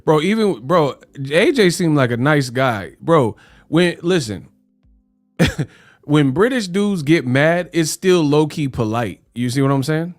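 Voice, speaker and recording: A man's voice: on the high side, animated, slow pace, no echo, soft background music. A man hosting a live boxing talk stream in loose, slangy, joking chat, drifting into mock British voices. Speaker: host. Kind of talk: casual livestream chat.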